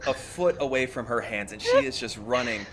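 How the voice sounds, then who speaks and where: A man narrating a tabletop game as game master, describing scenes in an unhurried way with many fillers. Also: mid-range voice, animated, noisy background.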